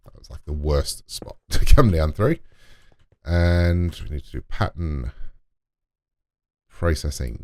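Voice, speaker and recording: A man's voice: extremely low pitch, a little mellow, slight background noise. A man giving casual gameplay commentary, muttering to himself and talking to in-game items as he builds. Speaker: let's play gamer.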